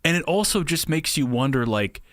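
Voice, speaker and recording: A man co-hosting a podcast in casual chat, animated and rambling with fillers. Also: fairly high pitch, normal speed, dry recording, clean studio sound. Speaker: podcast co-host.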